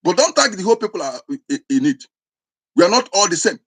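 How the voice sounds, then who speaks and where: Igbo-accented man, fairly high, raspy voice; emphatic, passionate speech. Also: very animated, quick pace. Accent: Igbo Nigerian. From Igbo land, Nigeria. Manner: forceful, repetitive, emphatic. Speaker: speaker. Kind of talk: impassioned monologue.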